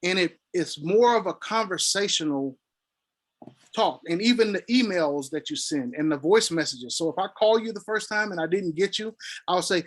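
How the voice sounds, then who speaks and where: High-voiced man coaching on a call. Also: normal speed. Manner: acts out sample sales calls, lots of filler syllables. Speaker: sales consultant. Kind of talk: casual consulting call.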